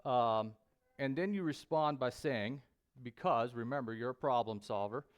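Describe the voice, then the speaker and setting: A man preaching a sermon in a church, speaking deliberately with frequent pauses and fillers. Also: mid-range voice, clean tone, highs cut off. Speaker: pastor. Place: church sanctuary.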